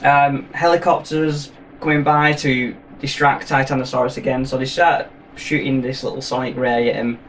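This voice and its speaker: A man's voice: mid-range voice, little pitch movement, moderate pace. A man recapping a film in a rambling, profane, jokey way. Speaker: film reviewer. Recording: voice from a distance, faint noise.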